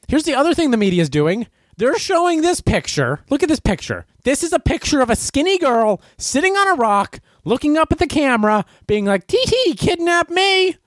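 A man hosts a comedic news commentary show, ranting sarcastically as he works himself up, his pitch swinging widely with lively animation. The recording is dry and close, with no room sound.

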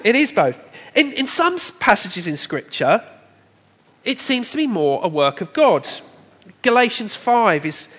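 A fairly high-voiced man delivers a sermon in a church hall, measured and emphatic. He builds his points through steady lists. A long reverb trails each phrase. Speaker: preacher.

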